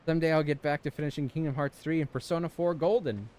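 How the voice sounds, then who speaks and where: A man's voice: fairly high pitch, quick pace, darkish tone. A young man from Southern California giving casual, joking let's-play commentary, swearing and bantering with chat. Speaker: gaming streamer.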